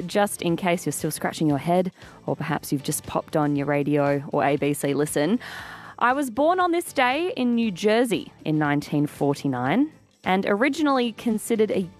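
An Australian woman hosting breakfast radio from a studio, chatty and playful, laughing easily as she talks. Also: on the low side. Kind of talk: casual radio chat. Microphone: studio microphone.

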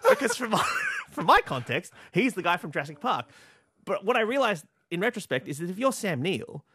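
A man's voice: sits high, fairly quick, husky, dry recording. A man from Australia, a stand-up comedian and TV host, telling anecdotes as a guest in an interview. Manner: animated, laughing anecdotes with quoted voices.

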